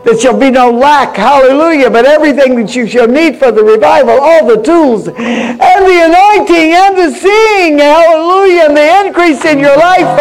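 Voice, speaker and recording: A woman minister preaching in a prophetic style, fervent and bursting into shouted praise. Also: high-pitched, rough recording. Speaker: guest minister.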